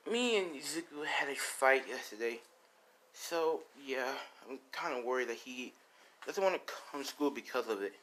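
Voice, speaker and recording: A man's voice: mid-range voice, lively intonation, moderate pace, bright, forceful tone, slight background noise, poor audio. A man voicing a possessive teenage girl in love, read casually with little change from his own voice. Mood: worried. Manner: casual, unpolished line reading.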